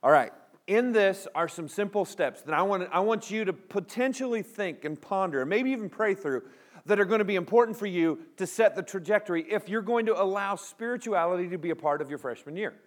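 A man's voice: sits high, expressive, a little fast. A man preaching a sermon to a live congregation, leading call-and-response and dropping humorous asides. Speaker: pastor.

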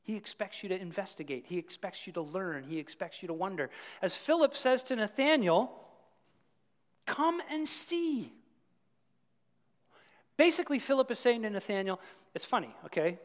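A man preaching a sermon to his congregation in a conversational, animated way, with frequent asides to the listeners. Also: sits high, brisk, long reverb tail. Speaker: pastor. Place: church.

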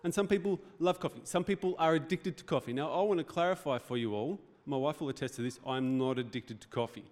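Aussie pastor guy preaching, chatty and jokey, bit high voice. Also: quick pace, few pauses, a little mellow. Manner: conversational, joking preaching with rhetorical questions. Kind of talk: sermon. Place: church hall.

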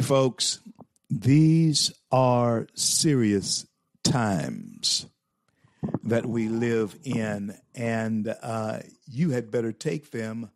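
Slow, fervent male talk host. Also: mid-range voice, vocal fry, no echo, clean studio sound. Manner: fervent, preaching, repeats phrases for emphasis. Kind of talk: political commentary.

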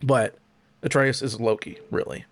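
A young man hosting a podcast, chatting casually about video games in an animated, profane, joking way. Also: medium pitch, normal speed, no room sound. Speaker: podcast host.

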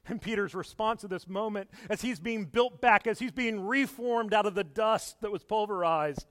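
A male pastor preaching a sermon in earnest, swinging from hushed to loud and emphatic, stumbling and repeating words with small laughs. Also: high voice, normal speed. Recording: echoey hall with long reverb.

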